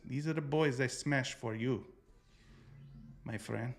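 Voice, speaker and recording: A man's voice: mid-range voice, slow pace. A man hosting a casual sports betting show, joking loosely with viewers and calling them brother as he runs through his picks.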